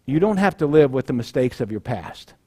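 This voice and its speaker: A man's voice: mid-range voice, sing-song, brisk, warm tone, breathy edge. A male pastor giving a sermon in a conversational way, acting out the people in the story.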